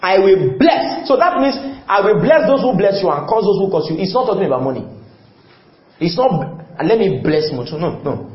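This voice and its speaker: A man preaches with a high, animated voice that leaps up and down, repeating phrases for emphasis and quizzing his congregation. He sounds like he is in a church hall with an echoey, somewhat muffled recording and faint room noise behind him. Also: normal speed. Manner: call-and-response, asks the congregation questions. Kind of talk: sermon.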